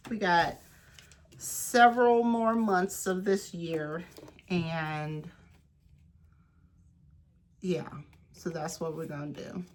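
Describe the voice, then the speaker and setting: A craft and journaling creator chats casually through a project, thinking aloud and talking to herself as she works. Her lowish voice is steady, delivered slowly with frequent pauses, and a little hiss or hum sits in the audio.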